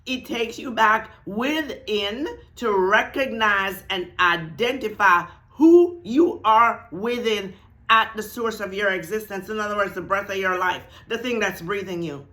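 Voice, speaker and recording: A woman hosting a spiritual talk, speaking slowly and emphatically, repeating key phrases and checking in with viewers. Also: mid-range voice, a bit bright. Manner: addresses viewers directly with "right?" and "y'all". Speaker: spiritual channel host. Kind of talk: teaching talk to camera.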